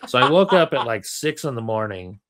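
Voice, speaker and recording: A man, a comedian, telling a story in relaxed casual chat over a remote call, with plenty of fillers. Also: mid-range voice, a little fast, a little hiss or hum. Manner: relaxed, rambling with many fillers.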